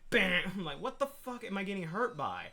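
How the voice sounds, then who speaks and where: A man ranting through a casual gaming chat, his pitch sitting a touch high and swinging widely as he talks. He tells stories in a loose, profane way. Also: fairly quick. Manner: animated, profane storytelling rant. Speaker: podcast co-host.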